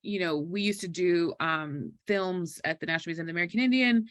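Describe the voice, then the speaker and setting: A panelist speaking in a quick, animated, casual way during a conversational discussion. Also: mid-range voice, no room sound, studio quality.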